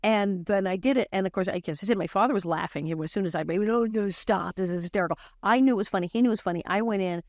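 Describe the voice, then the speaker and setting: A woman's voice: mid-range voice, very fast, few pauses, dry recording. Canadian lady in her 60s, vancouver accent, chatty storyteller, dry close mic. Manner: lively, theatrical, laughs at her own stories. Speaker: guest, former child actor. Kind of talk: animated storytelling chat.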